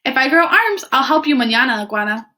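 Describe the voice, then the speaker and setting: A woman's voice: high voice, sing-song, quick pace, pushed and bright, exaggerated voice. A woman voicing a lazy rattlesnake in a picture book who keeps putting things off. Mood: breezy.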